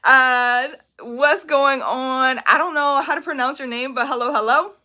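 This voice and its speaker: A woman's voice: high voice, fairly even intonation, a little slow, bright, forceful tone. A woman business coach giving an emphatic, encouraging motivational talk on a live stream, often asking "okay?" and "right?". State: emotional, near tears.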